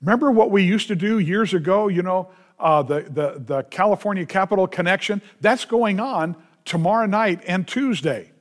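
A man, a pastor, preaching a sermon with emphatic, drawn-out stresses and quick asides to the congregation. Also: high-pitched.

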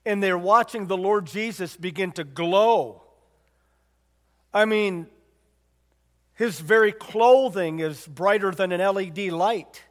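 Man, preacher, sermon, high voice, conversational, long hall reverb. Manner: conversational, asks the congregation questions.

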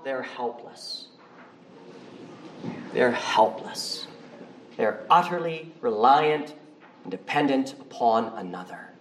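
A male pastor preaching a sermon in a church, conversational and animated. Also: on the high side, slight background noise. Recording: roomy, from far off the mic.

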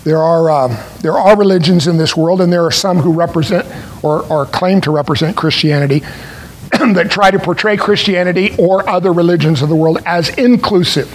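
A man preaching a sermon, explaining a scripture passage in a deliberate way with pauses. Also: high voice, a little hiss or hum, rough recording. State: clearing his throat.

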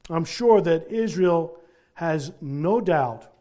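A man preaching a sermon, reading scripture and explaining it in an earnest, deliberate way, slowing down on key words. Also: a little high, animated, dark tone.

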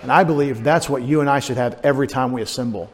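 A pastor giving a conversational, digressive sermon, with asides and restarts. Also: male voice, medium pitch, fast talker. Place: church sanctuary. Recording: long church reverb, faint room noise.

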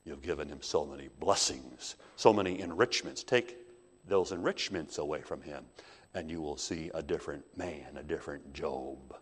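A man's voice: extremely low pitch, normal speed, slightly rough, pitched below the performer's own voice. A preacher voicing Satan as a defiant, mocking male devil, boastful and sassy, in a reverberant hall. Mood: sneering.

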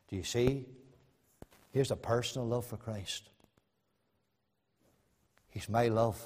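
Dramatic preacher in a reverberant hall. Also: male voice, mid-range voice, fairly even intonation, takes it slowly, long pauses. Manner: swings between loud emphatic bursts and soft hushed asides. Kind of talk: sermon.

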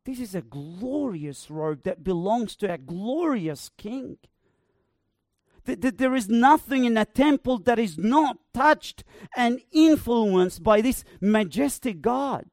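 A male preacher delivers a sermon in a high, unhurried voice. He builds to emphatic proclamations and lingers on repeated words. The sound is dry and close. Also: animated, darkish tone, no echo. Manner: emphatic, rising to proclaim with slow repeated phrases.

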